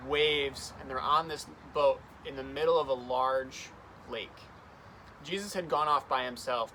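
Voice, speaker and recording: A man's voice: medium pitch, sharp tone, a little hiss or hum. Youth pastor, young adult man, conversational devotional talk, faint outdoor street sound. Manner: earnest, conversational storytelling.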